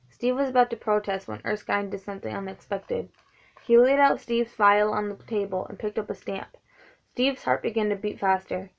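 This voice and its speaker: Female reader, gravelly, self-correcting read-aloud; muffled lo-fi home audio. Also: medium pitch, normal speed. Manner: stumbles and corrects herself often. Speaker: reader of a book. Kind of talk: reading a novelization aloud.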